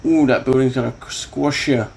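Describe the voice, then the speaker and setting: Male reaction-video host, mid-pitched, animated and foul-mouthed, film soundtrack playing under his commentary. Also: normal speed, creaky, faint music behind. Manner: animated, exclaiming, swearing freely.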